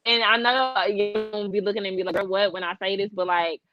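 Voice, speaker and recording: A woman's voice: medium pitch, fast talker, lo-fi sound, soft background music. A woman co-hosting a casual live chat, talking to her viewers with big emotional swings. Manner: animated, emotional, talks to viewers as y'all. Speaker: co-host.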